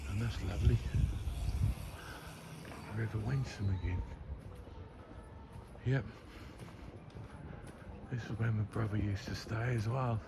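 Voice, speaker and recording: A man's voice: fairly low pitch, fairly even intonation, takes it slowly, creaky, pauses often. A man in his fifties with a Norfolk accent, mumbling and rambling as he reminisces while walking outdoors. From Norwich, England. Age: 50s. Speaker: vlogger. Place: outdoors, walking by a river and streets. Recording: outdoor phone recording with background noise.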